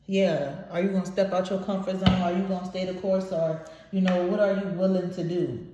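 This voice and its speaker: A woman's voice: fairly low pitch, level tone, fairly quick, warm tone, a little hiss or hum. A woman giving a channeled tarot reading to her viewers, emphatic and preachy, swearing casually. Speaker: tarot reader. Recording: very echoey room.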